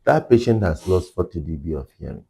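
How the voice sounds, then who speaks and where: A man's voice: deep voice, lively intonation, a little fast, vocal fry, dark tone, husky. A man working as a hearing care clinician, explaining in an interview and repeating his key points for emphasis.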